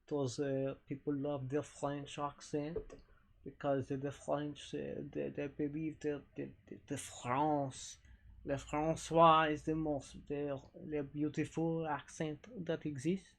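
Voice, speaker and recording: A man streaming live, chatting casually with viewers in a halting, self-deprecating, rambling way. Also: fairly high pitch, little pitch movement, vocal fry.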